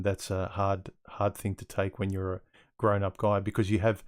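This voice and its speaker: A man's voice: fairly low pitch, a little mellow. An Australian man hosting a livestream Q&A, reading viewer questions aloud and musing over his answers, often repeating words as he restarts.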